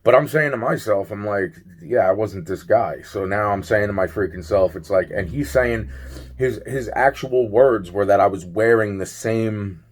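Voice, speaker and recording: A man's voice: lowish voice, moderate pace, slightly rough. A man telling a long personal story in a rambling, repetitive way, swearing freely and trailing off into fillers. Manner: rambling, repetitive, full of "you know" and "blah blah blah", swears freely. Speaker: vlogger. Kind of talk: casual rambling storytelling to camera.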